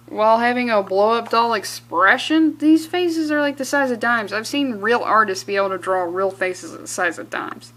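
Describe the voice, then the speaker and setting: A woman's voice: on the high side, normal speed. A young adult woman reviewing a comic in a sarcastic, profane, exasperated rant. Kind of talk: sarcastic ranting commentary.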